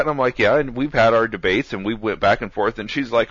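A man hosting a casual talk show, telling an animated story and laughing along as he goes. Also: on the low side, fairly quick, few pauses, no room sound, dull audio.

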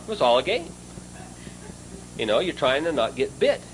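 A man preaching through a long personal anecdote, lively and conversational, turning to address a friend mid-story. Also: a little high, moderate pace, a little hiss or hum, poor audio. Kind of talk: storytelling sermon.

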